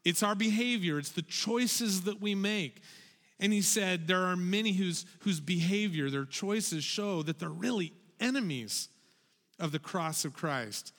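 A man giving a children's sermon in an animated way, getting the kids to repeat phrases back to him. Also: high voice, unhurried. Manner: animated, calls for audience repetition. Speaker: children's pastor. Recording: long hall reverb.

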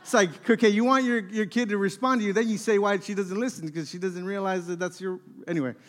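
A man in his thirties preaching a sermon, telling family stories with lively acted-out dialogue. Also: high-pitched, fast talker. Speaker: pastor.

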